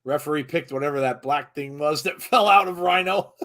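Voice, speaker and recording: A man hosting a live wrestling watch-along, chatting casually, laughing often and breaking into excited shouts. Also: on the high side, moderate pace. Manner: chatty, laughs often, reads viewer comments. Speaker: host.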